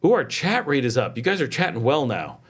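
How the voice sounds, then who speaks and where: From his home in Nicaragua, a middle-aged man hosts a casual livestream, chatting and reading viewer comments aloud. His medium-pitched voice swings widely, a little fast, with a breathy edge.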